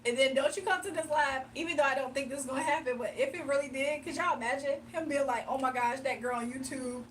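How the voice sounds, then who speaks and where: Young woman, livestream host, high voice, teasing and giggly, slightly off-mic. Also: a bit bright, far from the mic, a little hiss or hum. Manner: playful, teasing, laughs often, mimics commenters in a deep voice. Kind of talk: casual livestream chat, reading comments.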